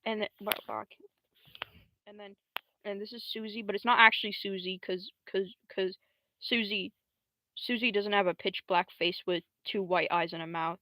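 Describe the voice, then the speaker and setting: A young adult woman livestreaming in casual, slangy, rambling talk, swearing freely and jumping into squeaky high voices to quote characters. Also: pushed and bright, no echo, poor audio. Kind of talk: casual live-stream commentary.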